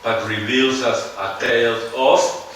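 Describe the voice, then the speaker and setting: A man with a non-native English accent giving a seminar lecture, musing slowly and often putting rhetorical questions to his audience. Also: medium pitch, fairly even intonation, fairly bright tone, slight background noise. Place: large lecture hall. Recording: echoey hall, heard from far off.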